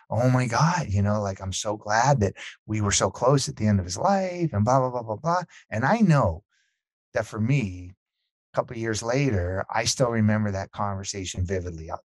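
A middle-aged man, a podcast guest, telling stories in an earnest, animated way and acting out the dialogue he quotes. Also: lowish voice, normal speed, dry recording. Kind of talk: conversational storytelling.

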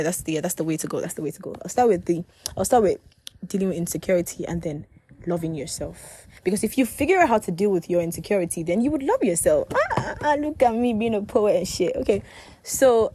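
On the low side and mellow with a breathy edge, her voice carries a casual solo podcast she hosts. The young woman rambles, goes back to correct herself and laughs often.

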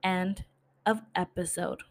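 A young woman hosting a casual recap podcast, animated and swearing freely, laughing often as she talks. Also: lowish voice, slow, loud music behind the voice. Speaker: podcast host.

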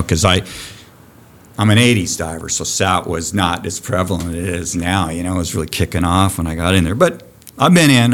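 A man in his fifties, a diving program director, telling a dive story on a podcast guest spot, animated and profane. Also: deep voice. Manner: animated, profane storyteller who acts out shouting.

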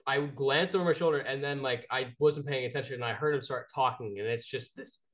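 A man's voice: medium pitch, brisk, a bit bright. A young man co-hosting a sports podcast, telling a story in a laid-back way with frequent restarts. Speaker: podcast co-host. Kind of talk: casual sports chat.

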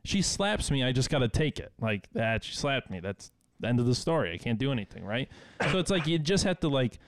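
A man's voice: mid-range voice, sing-song, brisk. A young man from the American Midwest, co-hosting a podcast, telling a bar story in casual chat with laughter and swearing. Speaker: podcast co-host.

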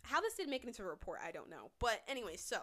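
A young woman hosting a podcast, telling a story in a casual, animated way with plenty of swearing. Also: a little high, rapid-fire. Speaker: podcast host.

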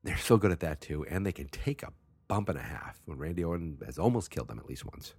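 Very deep husky Massachusetts man. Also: very animated, quick pace, a little mellow, no room sound. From Massachusetts, USA. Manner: rambling, profane, self-mocking. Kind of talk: casual chat.

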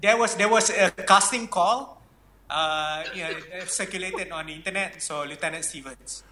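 Male co-host, bright and slightly high, hesitant explainer with lots of fillers. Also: moderate pace. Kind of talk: casual chat.

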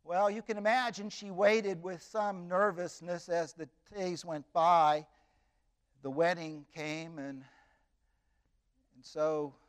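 A man with a high voice tells a story expressively. He leans on dramatic pauses and repeats phrases for emphasis. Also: clean tone.

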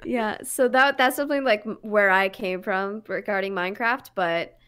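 A woman's voice: medium pitch, moderate pace, a bit bright, clean tone. A woman co-hosting a casual podcast about video games, chatty and laid-back, trailing off with fillers. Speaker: podcast co-host.

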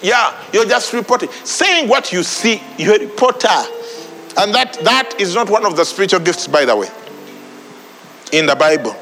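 A man's voice: sits high, lively intonation, normal speed, creaky, bright, forceful tone, in a large hall, soft background music, low-quality recording. A man preaching a sermon, repeating phrases for emphasis. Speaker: pastor.

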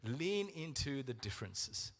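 A middle-aged man preaching a sermon as pastor, earnest and emotional, slowing down for emphasis. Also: medium pitch, big pitch swings, fairly bright tone. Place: church. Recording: reverberant church hall with music.

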